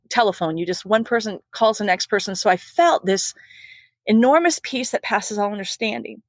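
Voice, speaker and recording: A woman who works as a critical care nurse, telling a personal story in an earnest, animated way as a podcast guest. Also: mid-range voice, no room sound.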